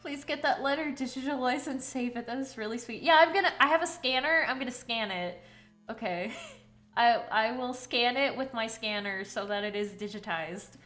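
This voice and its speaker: High-voiced giggly woman streamer. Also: normal speed, a bit bright, faint music behind. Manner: giggly, keeps breaking into laughter and choked-up emotion. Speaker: art streamer. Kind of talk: reading a fan letter aloud on a live stream, then chatting.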